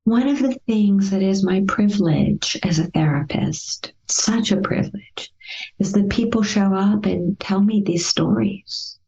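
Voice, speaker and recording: A woman therapist in an interview, telling a client's story and acting out the past conversations in a gentle, lively way. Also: mid-range voice, a little slow, creaky, dull audio. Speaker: therapist guest.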